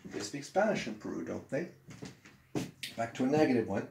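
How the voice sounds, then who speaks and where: A man's voice: mid-range voice, brisk, creaky, long pauses. A man teaching an English grammar lesson at a whiteboard, acting out example sentences with swooping intonation. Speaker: ESL teacher. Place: room with a whiteboard. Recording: echoey room with faint noise.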